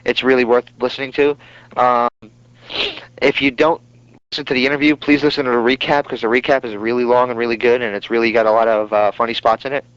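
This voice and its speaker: A man's voice: mid-range voice, little pitch movement, fast talker, fairly bright tone, clean tone, no room sound. Dry lo-fi New York male co-host. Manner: joking, teasing. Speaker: podcast co-host. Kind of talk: casual chat. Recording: dry, muffled lo-fi audio.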